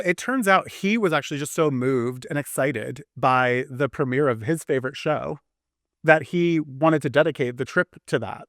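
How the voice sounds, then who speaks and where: Animated, chatty man telling a story. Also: a little high, no room sound, clean studio sound. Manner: animated, chatty, lots of likes and restarts. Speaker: podcast guest storyteller. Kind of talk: casual storytelling chat.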